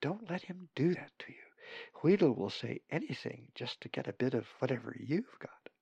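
A man voicing a knowing young female raven who speaks in a hushed, urgent way. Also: high voice, wildly swooping pitch, a little slow, vocal fry, slightly rough, no room sound, highs cut off, voice pushed up, full character voice. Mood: warning.

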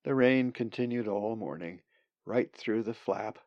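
A man narrating a story in a calm, measured way. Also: on the low side, dry recording, dull audio. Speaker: audiobook narrator. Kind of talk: scripted narration.

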